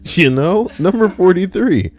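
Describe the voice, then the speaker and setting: A man's voice: lively intonation, unhurried, a little mellow. A man reading stories aloud on a live stream, joking and chatting with his viewers between entries, often slipping into silly voices. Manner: jokey, breaks into squeaky silly voices.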